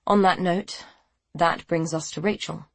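A woman voicing a patient male police detective who speaks cautiously and in a measured way. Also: on the low side, steady tone, vocal fry, no echo.

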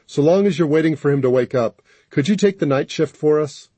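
A man reading an audiobook, voicing a practical, overworked country doctor who speaks in a calm, matter-of-fact way. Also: a little high, fairly quick, husky, no room sound, pitched above the performer's own voice.

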